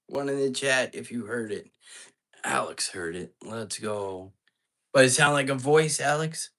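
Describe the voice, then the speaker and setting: A man's voice: on the low side, measured pace, a bit bright. A man hosting a live ghost-hunting stream from an apartment at night, chatting casually and jumpily straight to his viewers. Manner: chatty, jumpy, talks straight to his chat.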